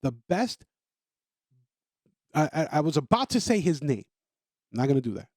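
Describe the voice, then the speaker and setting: Emphatic high-voiced man ranting. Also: sing-song, moderate pace, a little mellow, dry recording, clean studio sound. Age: adult parent. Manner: emphatic, repetitive, stammers on restarts. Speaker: podcast host. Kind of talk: opinionated monologue.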